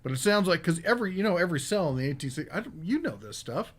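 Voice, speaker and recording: A man's voice: high voice, very animated, quick pace. A man hosting a live podcast about tools, reading viewer comments aloud and answering them in a casual, rambling way. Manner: casual and rambling, with many fillers. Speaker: podcast host.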